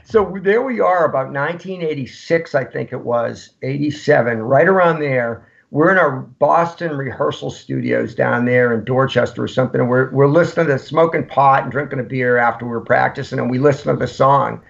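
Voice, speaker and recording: A man, a punk musician guest, telling rambling, animated stories in casual chat. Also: medium pitch, fairly quick, gravelly, hardly any pauses. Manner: rambling, animated anecdotes with acted-out quotes. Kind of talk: casual storytelling. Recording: lo-fi podcast audio.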